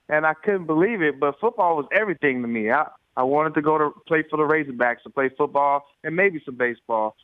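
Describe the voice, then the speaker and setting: A man in his forties calling in to an interview by phone, telling stories with lively energy and repeated starts. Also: on the high side, a little fast, clean tone, dry recording. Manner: animated storyteller, repeats words. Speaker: guest calling in. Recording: tinny dry phone line.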